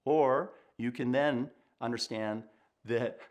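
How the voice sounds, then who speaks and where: A middle-aged man, a communication coach, giving earnest, reflective advice straight to camera in a calm way. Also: mid-range voice, takes it slowly.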